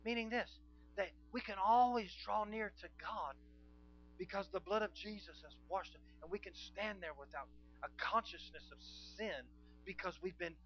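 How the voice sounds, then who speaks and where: A man preaching a sermon, swinging from soft to loud and calling out to the congregation for responses. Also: high-pitched, moderate pace, soft background music. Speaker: pastor. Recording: dull lo-fi sound.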